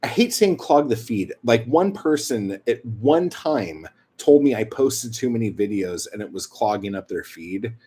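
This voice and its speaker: A man's voice: mid-range voice, expressive, measured pace, dark tone, breathy edge. A young man chatting casually with his stream viewers, rambling and swearing, full of fillers like "like". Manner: rambling, profane, lots of "like".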